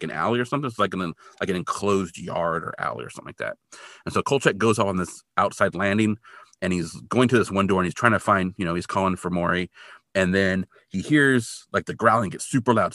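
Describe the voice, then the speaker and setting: A man's voice: low-pitched, no echo, studio quality. A man co-hosting a podcast, casually recapping a TV episode and acting out quotes as he goes. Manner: animated retelling, acts out quotes. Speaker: podcast co-host.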